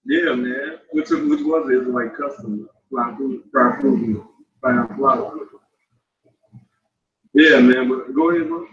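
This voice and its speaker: A man's voice: mid-range voice, big pitch swings, measured pace, fairly bright tone. A man preaching in a loose, slangy and profane way, telling a personal story and laughing between points. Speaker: street preacher. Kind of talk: casual street sermon. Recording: dull, roomy, from far off.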